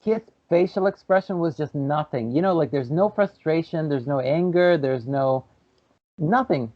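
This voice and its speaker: A man co-hosting a podcast, telling a story in a lively, casual way and acting out the people in it. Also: a little high, moderate pace, no room sound. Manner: animated storyteller, acts out quoted voices. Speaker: podcast co-host. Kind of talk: casual chat. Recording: tinny phone-like audio.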